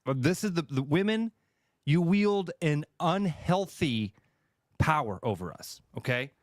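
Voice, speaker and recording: A man co-hosting a radio show, telling a story in an animated, playfully mock-emotional way. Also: fairly high pitch, measured pace, no echo, clean studio sound.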